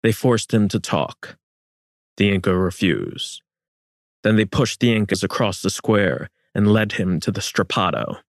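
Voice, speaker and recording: Solemn guy reading historical fiction, real slow, dry close mic. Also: lowish voice, expressive, dry recording. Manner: measured, solemn storytelling. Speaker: narrator. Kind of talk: scripted narration of historical fiction.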